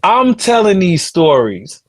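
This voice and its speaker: Laid-back man telling stories, slightly high. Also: very animated, slow pace. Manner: laid-back slangy storyteller, laughs between lines. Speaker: podcast host and rapper. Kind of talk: casual storytelling chat.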